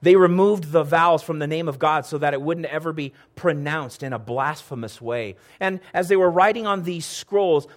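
Guy preaching a sermon, earnest, voice sits a little high, keeps clearing his throat. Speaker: pastor.

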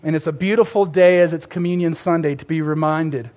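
A man's voice: a little high, steady tone, a little fast, darkish tone. A middle-aged man preaching a sermon to a church congregation, telling a story and calling his listeners beloved. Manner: storytelling, addresses the crowd as beloved. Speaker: pastor.

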